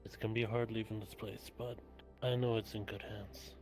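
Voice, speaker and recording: A man's voice: on the low side, level tone, normal speed, soft background music. A man chatting in character during an online roleplay session, casual and laughing often, with plenty of swearing. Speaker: roleplay streamer.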